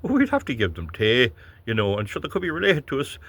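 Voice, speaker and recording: Husky Irish man on a rambling rant. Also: mid-range voice, wildly swooping pitch, quick pace, a bit bright. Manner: blunt, rambling, chuckling, stumbles over words. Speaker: vlogger. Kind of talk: ranting political monologue.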